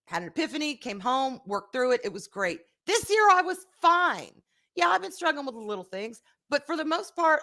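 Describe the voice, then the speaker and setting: A woman talking casually on her own live stream. She is candid and rambling, swears freely, and swings between soft, quiet stretches and loud bursts as she reads viewer comments aloud. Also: mid-range voice. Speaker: livestream host.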